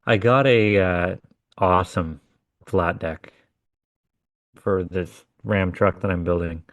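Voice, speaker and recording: A man's voice: sits low, fairly even intonation, slow pace, no echo, lo-fi sound. A man co-hosting a podcast, telling a story in a blunt, profane, casual way. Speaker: podcast co-host. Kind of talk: casual chat.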